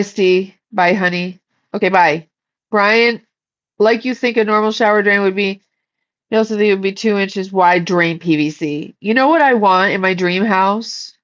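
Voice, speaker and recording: A woman's voice: medium pitch, fairly bright tone, dull audio. A woman casually chatting on a livestream, blunt and swearing freely while reading the chat and shooing her cat.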